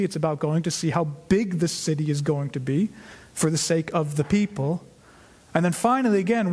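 A man's voice: high-pitched, darkish tone. A man teaching a Bible study, explaining the verses step by step and asking and answering his own questions.

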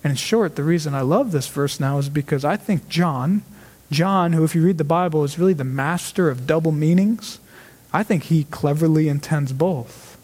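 A man preaching a sermon in church, conversational, often asking "right?" and slowing down to stress key phrases. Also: on the high side, a little mellow, breathy edge, big-room sound. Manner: conversational, frequent rhetorical "right?", slows for emphasis. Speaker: pastor. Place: church sanctuary.

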